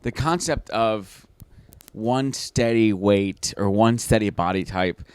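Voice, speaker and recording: A man's voice: lowish voice, takes it slowly, a little mellow, clear, resonant tone, no room sound. A man who is a comedian, a guest on a podcast, talking in a rambling way with many restarts. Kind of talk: casual interview chat.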